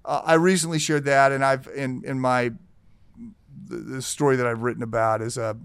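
Man host, casual storyteller, smooth clear voice, dry close sound. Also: mid-range voice, normal speed, no room sound. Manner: animated storyteller, many restarts and "he goes".

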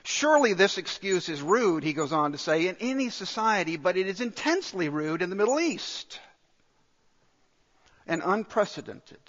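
High-pitched guy preaching, emphatic, lots of repeats, slightly muffled audio. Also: big pitch swings, a bit bright, in a large hall. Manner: emphatic, with repeated phrases and pauses. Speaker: pastor. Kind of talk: sermon.

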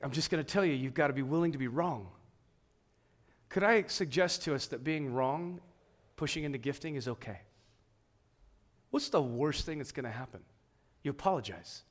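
A man preaching a sermon, swinging between emphatic, raised passages and quiet, hushed ones. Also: medium pitch, lively intonation, normal speed. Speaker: pastor.

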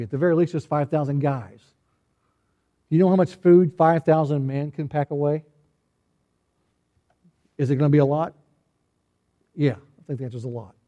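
A man's voice: a little high, mellow, muffled recording. A man, a pastor, preaching a conversational sermon with folksy humor and rhetorical questions, often restarting his sentences. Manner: frequent restarts and repeated words.

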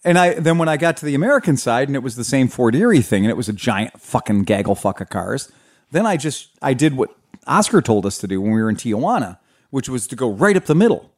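A man hosting a casual podcast, telling an animated road-trip story, swearing freely and acting out the people in it. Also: medium pitch, quick pace. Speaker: podcast host. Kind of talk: casual chat.

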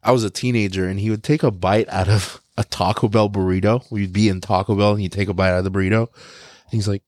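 A man's voice: fairly low pitch, steady tone, quick pace, a little mellow, no room sound, clean studio sound. A man co-hosting a podcast, telling stories in casual, profane chat and imitating the people he quotes. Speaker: podcast co-host.

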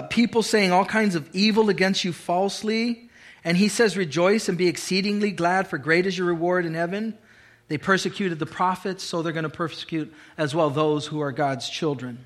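A man's voice: sits high, pushed and bright. A male pastor preaching a sermon, emphatic and repeating key phrases for weight, mixed with conversational asides.

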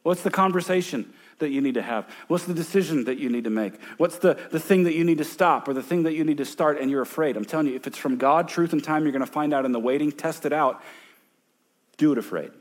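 Man preaching with lively swings. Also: a little high, fast talker. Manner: animated preaching, swings from loud emphasis to hushed storytelling. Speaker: pastor. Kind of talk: sermon. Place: church sanctuary.

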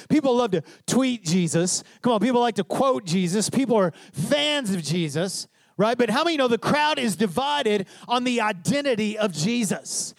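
High-voiced animated preacher, man. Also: no echo. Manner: animated storytelling preacher, acts out quotes, asks "tracking?". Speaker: pastor. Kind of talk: sermon.

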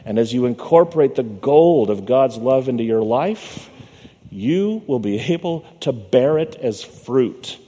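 A man preaching from the pulpit in a mid-pitched, mellow voice, leaning into a steady sermon rhythm. He slows and sinks low on key words. The long echo of a large church hall trails behind him. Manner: measured preaching cadence, slowing and dropping low on key words. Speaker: pastor. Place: church sanctuary.

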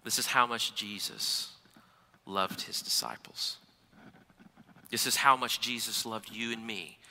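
Male preacher, earnest and measured, very bright tone, reverberant hall. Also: mid-range voice. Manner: earnest, with slow weighty pauses. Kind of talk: scripture reading and sermon.

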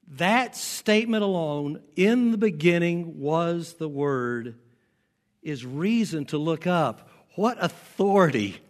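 A pastor with a faint Southern American accent preaching a sermon, stressing his key lines and repeating them slowly. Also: fairly high pitch. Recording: long hall reverb.

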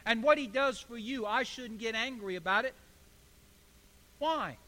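A high-voiced, bright-toned male pastor delivers a sermon, swinging from quiet asides to loud emphatic bursts. His voice rings out with a long echo in a large hall. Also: unhurried. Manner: preaching with rising emphatic bursts. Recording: echoey hall.

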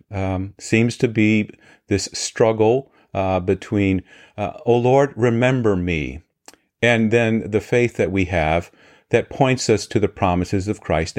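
A man, a pastor, talking through a Bible reading in an earnest, unscripted way, often pausing on "uh" and restarting his sentences. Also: deep voice. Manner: unscripted, with frequent "uh" fillers and restarts; earnest, walking through scripture. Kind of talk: Bible study explanation.

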